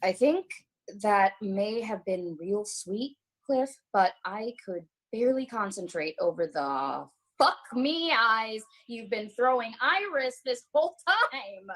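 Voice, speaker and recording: Daphne, a scornful, foul-mouthed actress. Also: female voice, on the high side, lively intonation, slow, fairly bright tone, full character voice, rough recording. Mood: contemptuous. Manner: insulting, swearing. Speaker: actor in a Zoom rehearsal. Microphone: video call.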